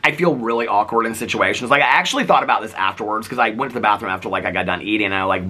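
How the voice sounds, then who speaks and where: A man's voice: on the low side, very fast. A man in his forties, chatting casually to camera as a vlogger, full of fillers and acting out the people he quotes. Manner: animated, voices people he quotes.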